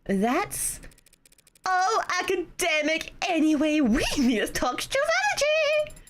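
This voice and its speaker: A woman voicing a sharp-tongued female defense lawyer, explaining in a brisk, blunt way. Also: very high voice, very animated, very noisy, voice pushed up, exaggerated voice.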